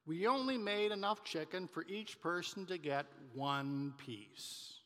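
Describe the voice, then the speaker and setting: Rich: a man speaking as a firm serving lady, clipped and unmoved, with a high, bright voice and an unhurried delivery, echoing through a church hall. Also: expressive, exaggerated voice. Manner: curt, firm. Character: firm female food server, unbudging.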